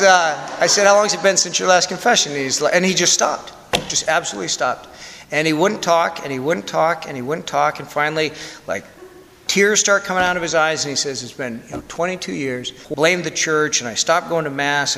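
Bright-voiced priest preaching in a reverberant church. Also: male voice, fairly high pitch, slight background noise. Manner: candid, conversational, self-deprecating humor. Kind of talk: storytelling sermon.

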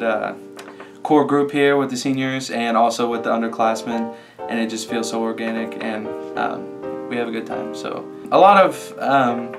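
A man's voice: medium pitch, poor audio. Hesitant teenage boy over music. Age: teens. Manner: hesitant, many fillers and restarts. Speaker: high school student cast member. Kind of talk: casual interview. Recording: music playing underneath.

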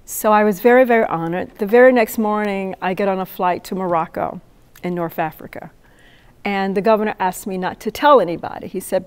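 Animated woman telling a story. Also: mid-range voice. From North Carolina. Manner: animated, asks the audience questions. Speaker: poet giving a talk. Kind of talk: storytelling talk to an audience.

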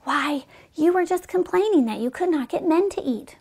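A woman voicing a sly, cunning male fox in a children's storybook fable, talking in a persuasive, sometimes hushed way. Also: very high-pitched, expressive, normal speed, pitched above the performer's own voice.

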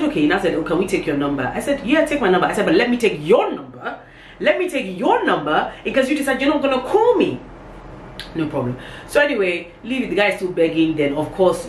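Filmed by a tripod-mounted camera, a young woman shares a laid-back story and performs each quote with dramatic leaps in her voice. The room echoes, and a faint hum runs in the background.

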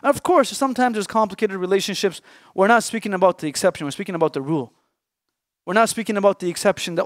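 High-voiced man preaching an emotional sermon. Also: animated, no room sound, clean studio sound. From Canada. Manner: emotional, emphatic preaching with hushed pauses. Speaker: Islamic scholar. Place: mosque or lecture hall.

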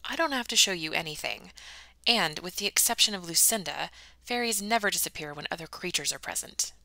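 A stout, scolding older woman from a storybook, brusque and matter-of-fact, as a woman reads her lines. The voice is a little low, bright and crisp, with no echo. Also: lively intonation, fairly quick, heavily acted. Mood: brisk.

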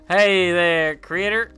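A man playing through a game while commenting, chatty and excitable, yelping and laughing when things surprise him. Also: sits high, clear, resonant tone. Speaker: gamer. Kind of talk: let's play commentary.

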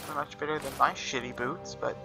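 A man's voice: a little high, fairly quick, vocal fry. Sarcastic young man voicing over gameplay. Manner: sarcastic, profane running commentary. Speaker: gamer. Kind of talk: let's play commentary. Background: game music.

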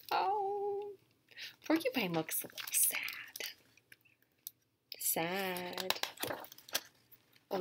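A woman, a museum educator, reading a picture book aloud to young English learners, animated and repetitive, sometimes dropping to a soft whisper. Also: on the high side, noisy background.

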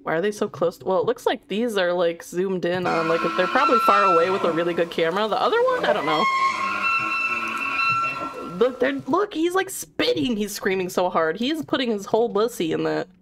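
A woman's voice: medium pitch, very animated, brisk, very noisy. A woman streaming a horror game in a giggly, chatty way, swearing casually as she plays. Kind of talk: casual live-stream chat.

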